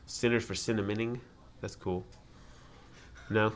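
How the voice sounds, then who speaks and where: A man's voice: on the low side, steady tone, a little hiss or hum. A man co-hosting a casual film podcast, rambling and joking at his own expense. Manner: rambling, self-deprecating, quick asides. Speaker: podcast co-host. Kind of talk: casual chat.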